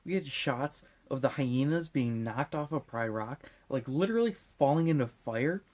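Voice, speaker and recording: A man's voice: mid-range voice, animated, normal speed, a little mellow. A drunk man hosting a comedic movie recap in a rambling, profane, jokey way. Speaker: host.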